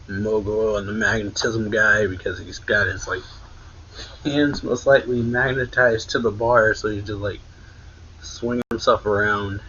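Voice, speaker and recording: A man's voice: fairly low pitch, sharp tone, dull audio, a little hiss or hum. A man casually recapping a manga chapter for a reaction channel, rambling along with lots of "like" and self-corrections. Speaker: anime reaction channel host.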